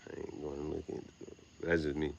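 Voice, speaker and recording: A man's voice: a bass voice, little pitch movement, fast talker, creaky, darkish tone, dull audio, slight background noise. A young man rambling casually outdoors at night, slangy and meandering, laughing at his own words. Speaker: vlogger. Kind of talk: rambling late-night monologue.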